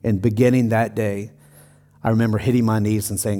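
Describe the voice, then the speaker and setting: A middle-aged man preaching a sermon in an earnest way, rising to an emotional pitch as he tells a personal story. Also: little pitch movement, brisk, dark tone. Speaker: pastor.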